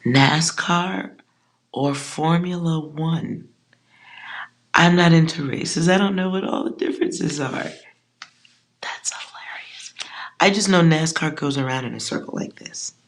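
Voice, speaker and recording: A tarot reader giving a casual collective reading, blunt and joking, with slangy asides and soft whispered side remarks. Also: mid-range voice, measured pace.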